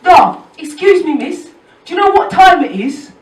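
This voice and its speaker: A woman playing a loud, excitable young English man who shouts and repeats himself. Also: very high voice, moderate pace, roomy sound, distant mic, pitched above the performer's own voice, rough recording. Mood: rowdy.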